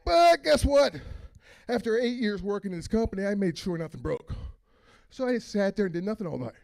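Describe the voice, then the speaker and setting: A man from Philadelphia performing a rambling, exasperated stand-up set at an open mic, breaking into loud outbursts. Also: high-pitched, animated, brisk, gravelly. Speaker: stand-up comedian. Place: small open mic venue.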